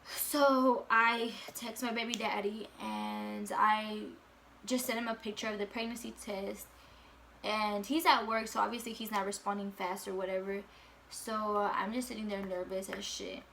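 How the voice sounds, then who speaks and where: A woman's voice: medium pitch, fairly even intonation, moderate pace, vocal fry, a bit bright, slight background noise. A young woman vlogger telling a casual storytime, full of fillers and swearing.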